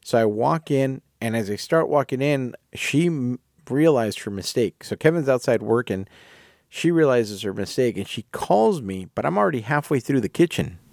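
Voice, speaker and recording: A gravelly, medium-pitched man hosts a podcast, recounting a story at normal speed in a rambling, animated fashion with frequent self-corrections. The audio is studio quality with no room sound.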